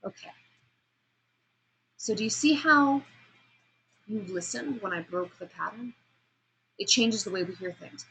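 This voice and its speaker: A woman lecturing a class on vocal delivery, asking students questions and demonstrating sounds, pace and pauses herself. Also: mid-range voice, animated, sharp tone, slight background noise, low-quality recording. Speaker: speech instructor.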